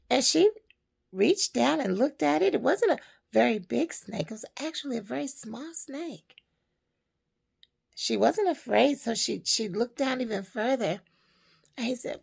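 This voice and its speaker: A woman telling a parable and giving life advice to women in a slow, emphatic, preaching way. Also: fairly high pitch, lively intonation, gravelly, breathy edge. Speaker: storyteller and motivational speaker.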